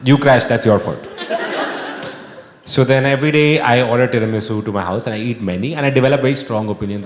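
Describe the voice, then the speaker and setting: A man in his thirties with an Indian English accent, performing a stand-up comedy set and jumping into high, shouty voices for his friends. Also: fast talker. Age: 30s. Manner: animated, acts out friends in sudden high-pitched bursts. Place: large venue with live audience. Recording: echoey hall with audience noise.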